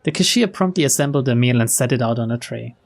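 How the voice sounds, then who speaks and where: A young man reading a visual novel aloud, mixing flat narration with casual, chuckling asides. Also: mid-range voice, fast talker, vocal fry. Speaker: let's player.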